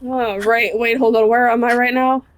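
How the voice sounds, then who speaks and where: A woman's voice: on the high side, little pitch movement, moderate pace, clean tone. Young woman muttering through a game. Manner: chatty, muttering to herself, swearing. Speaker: gaming streamer. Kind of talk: casual gameplay commentary.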